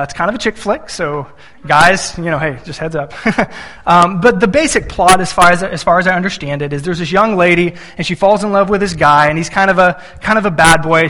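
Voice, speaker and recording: Lively bright-voiced male preacher, hall echo. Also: high voice. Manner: acts out little voices when quoting his son and wife. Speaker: pastor. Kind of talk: sermon.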